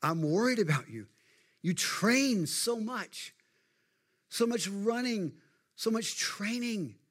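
Preacher doing an anxious young sister, pitched high and pleading, louder than his own talk. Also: animated, takes it slowly, breathy edge, heavily acted. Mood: worried. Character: worried young woman, a runner's sister.

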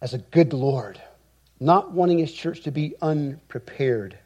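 A man preaching an expository sermon, with emphatic rhetorical repetition and deliberate phrasing. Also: on the high side, animated, dark tone, slightly rough, lo-fi sound. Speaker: pastor.

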